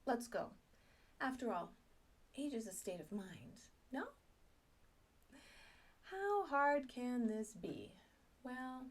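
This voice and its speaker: Slow-spoken self-mocking middle-aged woman. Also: a little high. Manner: self-mocking and animated, acts out her own thoughts. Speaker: speaker sharing a personal story. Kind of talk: personal storytelling talk.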